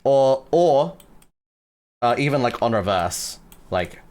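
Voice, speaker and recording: A man's voice: mid-range voice, animated, slow pace, darkish tone, soft background music. Crude joking male streamer. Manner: joking, crude and swearing, filler-heavy. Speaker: streamer teaching music production. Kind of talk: casual livestream chat.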